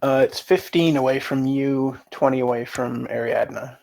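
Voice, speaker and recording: A man's voice: mid-range voice, normal speed, gravelly, a little mellow. A man running a tabletop game as game master, matter-of-fact and asking about the rules.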